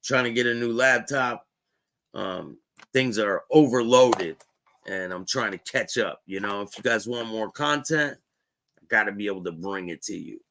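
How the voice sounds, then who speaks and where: A man's voice: lowish voice, moderate pace, a bit bright, a little hiss or hum. A man hosting his own show, heckling and mocking a clip as it plays. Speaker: show host. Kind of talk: reacting to a played clip.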